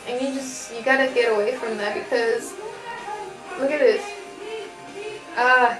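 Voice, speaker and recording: A woman's voice: fairly high pitch, echoey room, rough recording. A woman doing a casual tarot reading at home, chatty and profane, laughing often. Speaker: tarot reader. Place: home with family noise in background.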